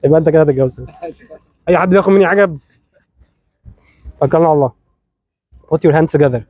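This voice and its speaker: A man's voice: fairly high pitch, racing, warm tone, no room sound, low-quality recording. A man with an Egyptian accent officiating a wedding, giving a playful sermon and teasing the couple as he talks to them directly.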